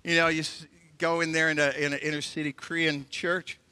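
A man's voice: a little high, fairly quick, clear, resonant tone, long reverb tail. A middle-aged man preaching a sermon as pastor, telling stories and acting out the voices of people in them. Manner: animated storytelling, acts out voices.

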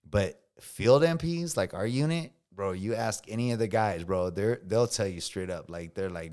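A man's voice: on the low side, moderate pace, hardly any pauses, a little mellow, smooth. A man in his thirties, a veteran guest on a podcast, telling stories in a casual, slangy way, often swearing and saying bro. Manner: slangy, says bro a lot, swears freely.

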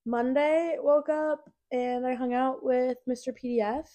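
A young woman in her twenties co-hosts a podcast, talking casually with a fairly high voice. She rambles through her stories with plenty of fillers. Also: steady tone, a little slow, warm tone. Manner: chatty storyteller, lots of "like"s. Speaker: podcast co-host. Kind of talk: casual chat.

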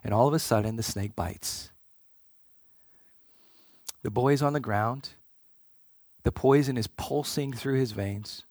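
A man's voice: medium pitch, measured pace, long pauses, a little mellow, no room sound, clean studio sound. A man preaching a sermon in an earnest way, often repeating words as he starts a phrase.

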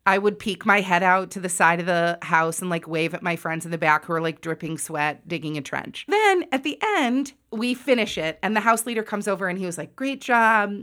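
Woman in her forties, low-ish voice, loud and sassy storyteller, self-mocking asides. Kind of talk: personal story told to an audience.

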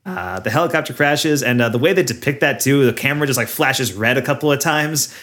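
A man talking through a movie plot in relaxed podcast chat. His voice sits at an ordinary middle pitch. He laughs often and leans on fillers as he goes. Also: brisk. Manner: laughing, recapping a film with lots of fillers. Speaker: podcast co-host. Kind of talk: casual chat.

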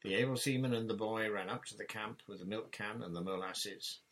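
A man narrating a children's story chapter in a measured, plain reading voice. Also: on the low side, fairly bright tone, rough recording. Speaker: audiobook narrator.

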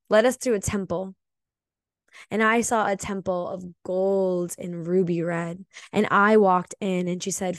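A woman hosting a solo spiritual podcast, telling a personal story in an earnest, emotional and confessional way, often slow and reflective. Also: on the low side, dry recording, studio quality. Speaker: podcast host.

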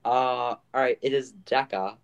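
A man's voice: medium pitch, fairly even intonation, a little slow, creaky, clean tone, dull audio. Rambling casual podcast host, a man. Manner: rambling, full of fillers and restarts.

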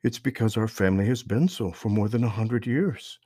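A man voicing a gentle, sorrowful mother. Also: lowish voice, normal speed, slightly rough, no room sound, clean studio sound. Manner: soft-spoken, sighing.

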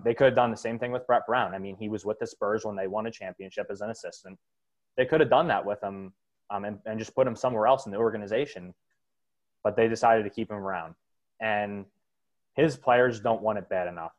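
A man's voice: lowish voice, low-quality recording. A man hosting a casual sports talk show, blunt and opinionated, rambling with fillers. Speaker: sports podcast host.

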